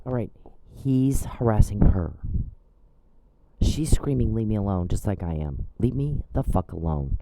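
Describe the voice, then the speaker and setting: A man's voice: lowish voice, sing-song, a little slow, vocal fry, long pauses, warm tone, rough recording. A man speaking an angry direct-address monologue, blunt, scolding and profane. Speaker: channel host.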